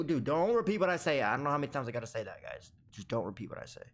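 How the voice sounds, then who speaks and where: A young man talks through a horror game with crude, joking commentary, scolding the characters as if they could hear him. His pitch swings widely, and frights push him into sudden high yelps. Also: very animated, very fast, few pauses. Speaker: gaming YouTuber.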